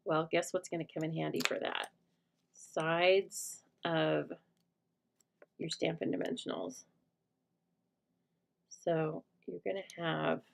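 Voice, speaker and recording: A woman's voice: lowish voice, creaky, slight background noise. A middle-aged woman hosting a live card-making demonstration, chatty as she teaches step by step. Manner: chatty, teaching step by step, breaks off to talk to her dog. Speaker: host of live stamping show.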